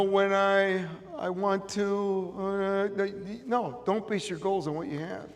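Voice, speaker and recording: A middle-aged man with a Chicago accent giving a motivational stage talk, emphatic and repeating his key phrases. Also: high voice. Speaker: motivational speaker. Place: event room with audience. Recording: long reverb of a large room.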